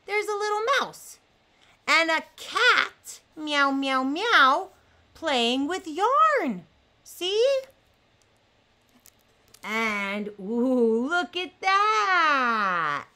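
A young adult woman hosting a children's learning show, talking slowly to toddlers with big gasps and playful animal sounds. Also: high voice, sharp tone. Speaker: children's educator host. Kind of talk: slow, animated talk to toddlers.

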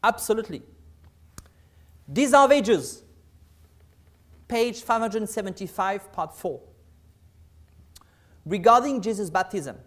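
A man preaching a sermon, reading scripture aloud with emphasis and dropping to soft, murmured asides. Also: sits high.

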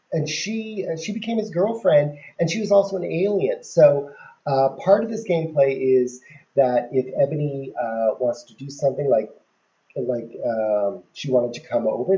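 A woman's voice: very deep voice, dark tone, highs cut off. A woman giving casual gameplay commentary, chatty and laughing often as she talks to the characters on screen.

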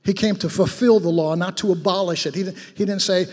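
A man's voice: high-pitched, steady tone, fairly quick, darkish tone. A male pastor preaching a sermon in a church, talking like he is telling a story and then pressing his point with fervor. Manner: conversational storytelling that rises to fervent exhortation. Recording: long hall reverb.

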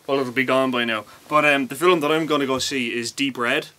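A man's voice: medium pitch, steady tone, a little fast, sharp tone. A man appearing as a first-time guest on a film review show, chatty and a bit nervous, with plenty of fillers. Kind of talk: casual chat. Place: indoors at a cinema venue.

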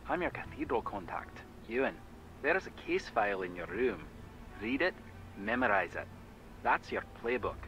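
An actor playing a terse male spy contact in a mystery game, speaking in a gravelly voice. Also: medium pitch, very animated, normal speed, pushed and bright, muffled recording, a little hiss or hum.

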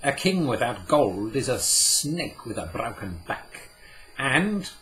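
A man's voice: medium pitch, sing-song, takes it slowly, fairly bright tone, a little hiss or hum, pitched above the performer's own voice. A man putting on a proud, scornful medieval scholar. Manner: declaiming, ringing, triumphant.

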